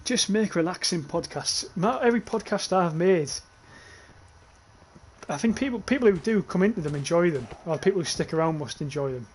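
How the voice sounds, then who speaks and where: His voice sits high and expressive, moving at a normal speed, as this young adult man plays a shooter on stream. Slight background noise accompanies his casual, swearing, rambling commentary as he reads chat and laughs along.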